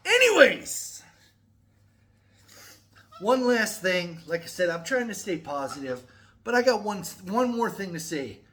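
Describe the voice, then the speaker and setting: A man's voice: sits high, big pitch swings, unhurried, pauses often, a bit bright, a little hiss or hum. A middle-aged man ranting to camera on his own channel, profane and rambling. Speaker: metal music YouTuber. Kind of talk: casual to-camera vlog rant.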